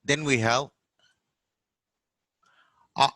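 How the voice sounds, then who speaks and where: A middle-aged man with a Telugu-influenced Indian English accent, teaching English pronunciation and drilling words slowly with stretched vowels. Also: mid-range voice, fairly even intonation, pushed and bright, no room sound. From Telugu-speaking South India. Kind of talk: pronunciation lesson.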